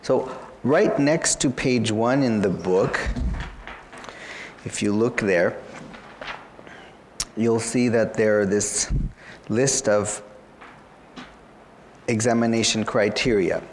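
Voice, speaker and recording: A man's voice: on the low side, slow, pauses often, a little hiss or hum. A man tutoring students for an interview exam, explaining each point patiently and often saying "you know". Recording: long hall reverb.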